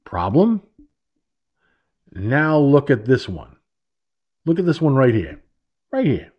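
Male online radio host; slow, lively-pitched sarcastic rambling monologue, dull lo-fi home mic. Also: slightly rough. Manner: rambling, sarcastic, repeats himself. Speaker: internet radio talk show host. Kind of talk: opinionated political monologue.

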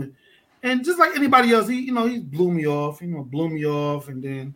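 A man from Detroit with a high voice tells a story on a podcast in loose, profane street talk. He acts out every exchange, and his tone swings from loud to low. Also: lively intonation, fast. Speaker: podcast guest, underwater photographer. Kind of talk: casual storytelling chat.

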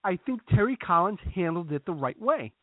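A man co-hosting a casual sports podcast, talking his opinions through in a measured way with frequent restarts. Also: high-pitched, big pitch swings, dry recording. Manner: measured, reasoning, repeats starts. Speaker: podcast co-host. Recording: dry tinny phone-like sound.

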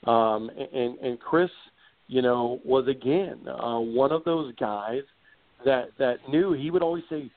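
A man's voice: mid-range voice, normal speed, no room sound. A middle-aged man, a motorsports broadcaster, answering interview questions in an eager, rambling way with many restarts. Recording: tinny phone-like audio.

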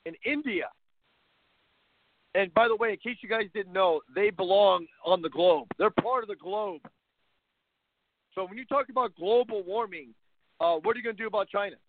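A man's voice: high-pitched, no echo. A man hosting a sports talk show, delivering a blunt, mocking, opinionated monologue. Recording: tinny phone-line sound.

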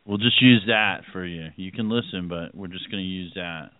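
Man, host, casual radio chat, rambling, smooth low voice, dry, phone-line sound. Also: normal speed, no room sound. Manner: easygoing, rambling with many fillers and chuckles.

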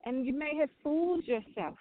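A woman's voice: high voice, moderate pace. A woman hosting a spiritual talk, speaking earnestly and often repeating and restarting her phrases. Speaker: spiritual reader and host. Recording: tinny phone-like sound, dry.

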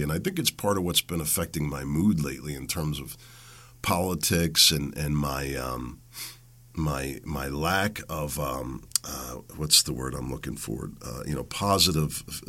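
A man's voice: rumbling low, expressive, moderate pace, pushed and bright. A man hosting a podcast in a rambling, folksy solo talk, sick with a head cold. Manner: rambling and folksy, with frequent fillers. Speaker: podcast host. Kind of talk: casual monologue.

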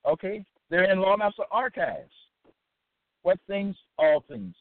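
A man's voice: a little high, lively intonation, slow pace, pauses often, no echo. A man delivering a preaching lecture, firing off repetitive rhetorical questions and tagging lines with "okay?". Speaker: religious teacher. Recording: tinny dry phone-line sound.

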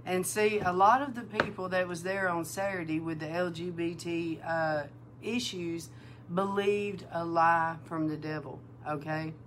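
A woman minister giving a sermon-style testimony, animated and emotional, acting out the dialogue in her story. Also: on the low side, a little slow, slight background noise. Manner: emotional, near tears. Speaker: prophetic minister.

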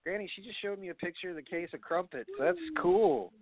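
A man hosting a casual podcast chat, excitable and joking, rambling as he talks. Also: sits high, a little fast. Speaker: podcast host. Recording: tinny phone-like line.

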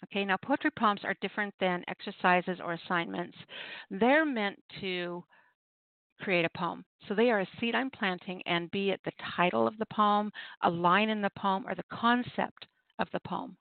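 A woman hosts a poetry radio show, chatting in a loose, rambling way and laughing often. Her voice has a gravelly, creaky edge. It comes through a tinny, dry phone line. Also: medium pitch, normal speed, no room sound. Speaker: host of an open mic poetry radio show. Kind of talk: casual talk giving poetry prompts.

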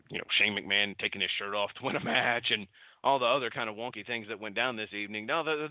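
Male host, mid-pitched, loose and swearing, heard over a dry tinny phone-quality line. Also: dry recording. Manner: loose and chatty, swears freely. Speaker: radio show host. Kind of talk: casual live show recap.

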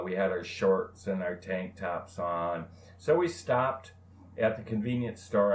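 A man co-hosting a casual talk show, telling a self-mocking story with many "uh" pauses. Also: deep voice, reverberant. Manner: rambling anecdote with many "uh" pauses. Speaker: co-host. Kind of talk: casual podcast chat, storytelling.

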